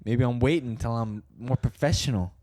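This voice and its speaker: A man's voice: medium pitch, brisk, warm tone, dry recording, studio quality. A young man who co-hosts a casual comedy podcast. He rambles, restarts his sentences and laughs often.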